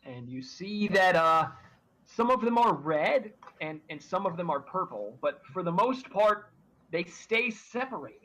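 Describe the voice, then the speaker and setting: High-voiced husky man running a tabletop game. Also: lively intonation, bright, forceful tone, rough recording. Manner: halting, full of fillers and restarts. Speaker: game master.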